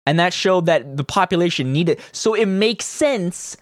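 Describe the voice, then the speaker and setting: A man's voice: sits high, lively intonation, unhurried, dry recording, studio quality. A man hosting casual political commentary from Canada, reading news quotes aloud and mocking them with profane, sarcastic outbursts.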